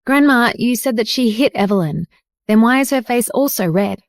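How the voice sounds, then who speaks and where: A woman voicing a calm, suspicious young woman asking questions evenly. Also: on the high side, normal speed, no room sound, clean studio sound.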